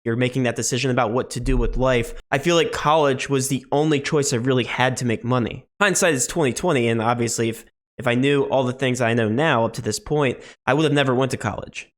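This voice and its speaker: A man's voice: medium pitch, fast. A young man in his twenties talking earnestly to his viewers in a personal vlog, his voice nasal from illness, often repeating words as he gathers his thoughts. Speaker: sports betting channel host.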